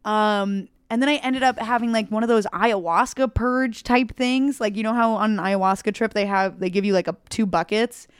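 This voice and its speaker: Smooth and medium-pitched, this young woman's voice moves at a moderate pace with few pauses, captured in clean studio sound without echo. She's a comedian guest, animatedly telling a story in casual conversation and performing its characters' voices.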